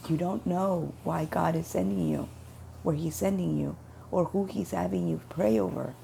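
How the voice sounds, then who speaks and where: Woman, personal religious testimony, earnest and repetitive, deep gravelly voice, faint hiss behind. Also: normal speed, warm tone. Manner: earnest, repetitive storytelling, quoting prayers. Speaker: testimony speaker.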